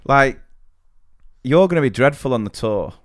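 A man's voice: medium pitch, animated, moderate pace, no room sound, studio quality. A man co-hosting a podcast, chatting casually and teasing his co-host. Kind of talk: casual chat.

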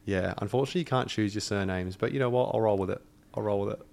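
A man's voice: lowish voice, rapid-fire, gravelly, a little mellow. A man with an Australian accent, chatting casually as a podcast guest, laid-back and joking. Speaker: guest, performance coach. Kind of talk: casual chat.

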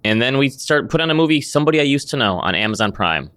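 A man co-hosting a casual podcast, laid-back and quick to chuckle. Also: medium pitch, sing-song, a bit bright. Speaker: podcast co-host. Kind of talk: casual chat.

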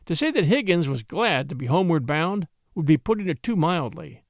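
A man reading an old-fashioned story aloud, with an expressive storytelling delivery. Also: on the high side, brisk, few pauses, dry recording, studio quality. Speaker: narrator. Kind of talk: scripted story narration.

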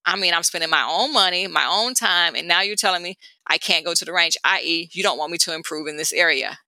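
Woman guest, animated storyteller, bright edgy tone, dry close mic. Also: on the low side, quick pace, no echo. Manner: animated, acts out quoted people while telling a story. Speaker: guest, former DEA agent. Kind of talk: conversational storytelling.

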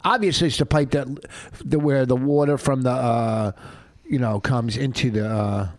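A man's voice: medium pitch, normal speed, no room sound. Defensive rambling man, dry close sound. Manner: rambling storyteller, gets defensive and loses his thread. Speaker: podcast co-host, comedian. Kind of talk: casual comedic banter.

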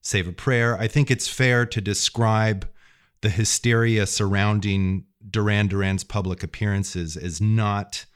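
A man's voice: fairly low pitch, fairly even intonation, unhurried, clean tone. A male interviewer asking long, carefully framed questions.

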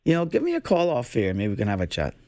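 A man's voice: mid-range voice, huge pitch swings, fast, mellow, dry recording, clean studio sound. Casual middle-aged money advisor, man. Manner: casual, hedging, tags sentences with "right?". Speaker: financial advisor guest. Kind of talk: advice on call-in radio. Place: radio studio.

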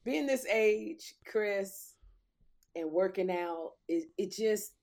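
A woman's voice: mid-range voice, takes it slowly. A middle-aged woman hosting a talk show, chatting casually and animatedly, acting out the voices in her stories and still a little out of breath. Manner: animated storyteller, acts out quoted voices. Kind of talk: casual chat.

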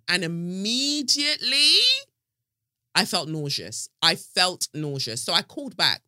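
A woman hosting her own podcast, rambling through stories with swearing and plenty of energy. Her voice sits fairly low but swoops widely. The tone is bright and the room is dry. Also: unhurried, no echo. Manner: animated, profane storytelling. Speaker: podcast host. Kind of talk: casual solo monologue.

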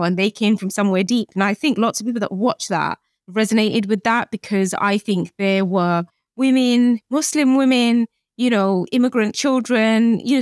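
A woman's voice: medium pitch, no room sound. British woman in her late 30s, chatty guest on a podcast, plays out the dialogue in her stories, dry close sound. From Britain. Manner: animated storytelling, acts out quoted dialogue. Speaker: guest, chef and author. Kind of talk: conversational podcast interview.

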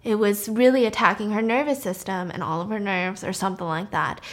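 A woman casually recapping a story in an animated, chatty way, laughing now and then. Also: medium pitch, brisk.

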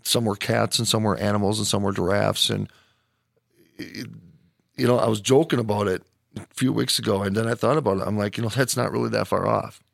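A man's voice: lowish voice, steady tone, fairly quick, creaky, dry recording, clean studio sound. A man hosting a podcast in casual chat, joking and laughing often. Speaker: podcast host.

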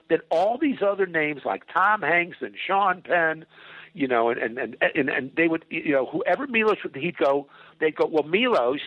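An older man tells a long showbiz story down a tinny phone line, his voice husky and dry. He swears freely and acts out other people's lines, his pitch swinging widely as he goes. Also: no echo. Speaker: comedy writer and producer, guest. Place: at home. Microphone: telephone.

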